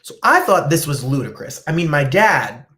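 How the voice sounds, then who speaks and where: Animated New Jersey woman chatting casually. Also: deep voice, moderate pace. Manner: animated, chatty, rambling storytelling. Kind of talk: casual chat while eating on camera.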